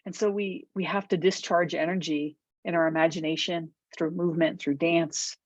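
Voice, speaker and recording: A middle-aged woman teaching a meditation workshop in a warm, conversational way, often checking in with "right?" and "okay?". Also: lowish voice, steady tone, moderate pace, no room sound. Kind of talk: guided workshop talk on a video call. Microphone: video call. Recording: dull lo-fi video call audio.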